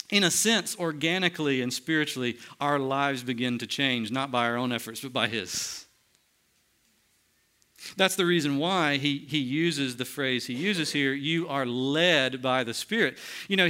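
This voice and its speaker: A man's voice: fairly high pitch, sharp tone. A man preaching a sermon, teaching earnestly and asking his listeners rhetorical questions. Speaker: pastor.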